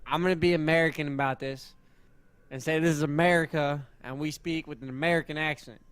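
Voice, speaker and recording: A man's voice: on the high side, fairly even intonation, a little fast, a bit bright, clear, resonant tone. A man casting an esports match, joking around in dry, bantering asides. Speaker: esports caster. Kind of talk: casual esports commentary.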